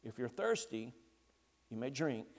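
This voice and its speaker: A man voicing a stern, ancient male lion in a storybook reading during a sermon, speaking low, quiet and unhurried. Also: sing-song, big-room sound. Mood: gentle.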